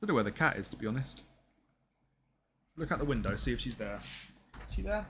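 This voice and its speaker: A man's voice: medium pitch, big pitch swings, brisk, background noise. A young man streaming a football management game, chatting casually and jokily with his viewers as he plays. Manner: chatty and jokey, talks to chat and game players.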